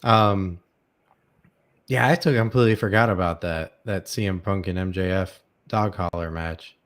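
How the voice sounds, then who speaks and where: Young male podcast host, lowish voice that cracks, rambling opinionated chat. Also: moderate pace. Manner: rambling, opinionated, with many fillers and restarts. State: voice cracking, dry throat. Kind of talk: casual chat.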